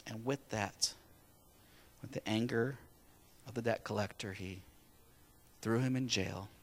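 A man's voice: on the low side, steady tone, a little slow. A man preaching a sermon, retelling a story in a casual, conversational way. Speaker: pastor.

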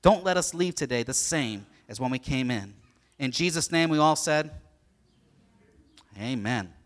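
A middle-aged male pastor giving an animated sermon, telling stories and asking the congregation questions. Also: a little high, normal speed.

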